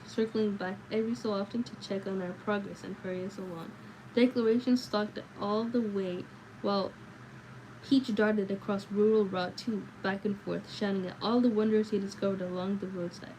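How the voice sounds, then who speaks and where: A woman reads a novel aloud on a livestream, at a steady pace that has small slips and self-corrections. Her voice is mellow and dark-toned, at a mid pitch. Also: slight background noise, rough recording. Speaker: livestream book reader.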